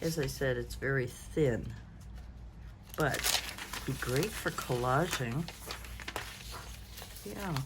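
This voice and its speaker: A woman's voice: extremely low pitch, animated, slow pace, pauses often, background noise. A woman in her sixties, chatting casually as a craft vlogger, rambling and thinking aloud, tired and yawning. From Canada. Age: 60s. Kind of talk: casual show-and-tell chat.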